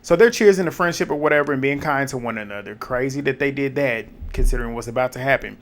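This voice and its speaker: A man giving casual reality TV recap commentary in an animated, blunt way, swearing and laughing at what happened. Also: mid-range voice, fast talker.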